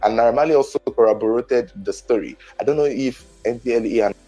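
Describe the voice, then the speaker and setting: A man's voice: medium pitch, quick pace, mellow, soft background music, poor audio. A man giving casual, analytical commentary in a clip.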